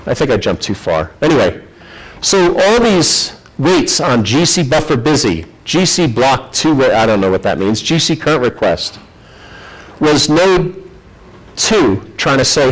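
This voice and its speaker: A man's voice: mid-range voice, measured pace, low-quality recording. A man presenting a technical conference talk, telling the story in a chatty, self-deprecating way. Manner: animated storytelling, acts out quoted voices.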